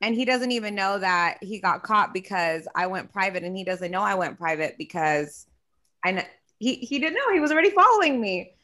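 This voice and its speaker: A young woman in casual chat, telling a story with animated quoting and frequent swearing. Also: medium pitch, fairly quick.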